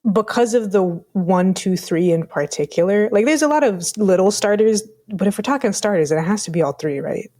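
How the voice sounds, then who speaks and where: A woman's voice: mid-range voice, lively intonation, brisk, hardly any pauses, mellow. A woman co-hosting a podcast, chatting in a playful way with casual swearing. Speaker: podcast co-host. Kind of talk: casual chat.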